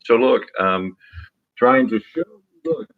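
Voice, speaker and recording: A man rambling on a solo livestream from his home cabin, talking into a laptop, halting and restarting often. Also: mid-range voice, lively intonation, narrow, tinny audio. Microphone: laptop microphone.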